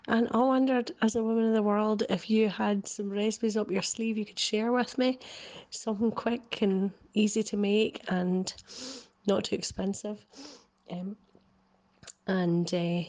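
A woman's voice: medium pitch, steady tone, unhurried, a little mellow. A woman leaving a hesitant voicemail question to an advice show, with many ums. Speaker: caller.

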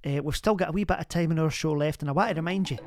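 A man's voice: a little high, very fast, dry recording, studio quality, lightly acted. A man playing a chatty female radio agony aunt who rambles in a homely, reassuring way. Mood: upbeat. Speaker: advice show host. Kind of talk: comic radio phone-in sketch.

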